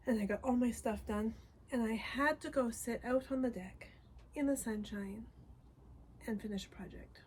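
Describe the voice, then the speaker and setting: A woman's voice: on the high side, normal speed, a little mellow. A middle-aged Canadian woman co-hosting a knitting podcast, telling stories in a cheerful, chatty way. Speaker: podcast co-host. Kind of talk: casual chat. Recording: faint background noise.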